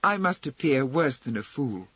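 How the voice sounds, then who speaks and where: A man reading a halting, apologetic officer. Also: medium pitch, animated, husky, no room sound, highs cut off. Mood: embarrassed. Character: earnest, embarrassed male army officer.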